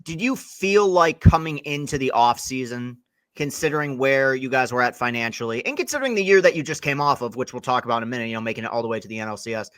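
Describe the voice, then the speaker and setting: A man's voice: mid-range voice, lively intonation, fast talker, a bit bright, dry recording. A young man hosting a casual sports interview podcast, rambling through long questions with frequent restarts. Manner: rambling, self-correcting, long wind-up questions. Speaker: podcast host.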